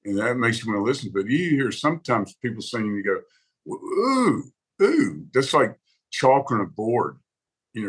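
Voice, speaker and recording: A man's voice: medium pitch, breathy edge, poor audio. A man, a guest on a podcast, chatting casually and acting out other people's reactions as he tells stories. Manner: animated storyteller who acts out quoted reactions. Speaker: podcast guest, songwriter advocate. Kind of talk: casual interview conversation.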